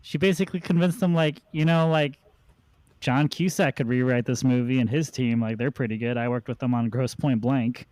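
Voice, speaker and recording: A man's voice: medium pitch, fairly even intonation, moderate pace, a little mellow, no room sound. A man hosting a podcast, telling long rambling anecdotes in a casual chat. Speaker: podcast host.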